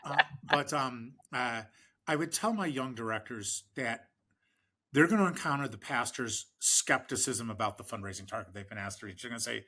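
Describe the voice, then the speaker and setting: A man's voice: medium pitch, moderate pace, bright, forceful tone. A middle-aged American man, a fundraising expert and interview guest, telling long anecdotes with frequent fillers and restarts and acting out the people he quotes. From United States. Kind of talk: conversational storytelling in a podcast interview.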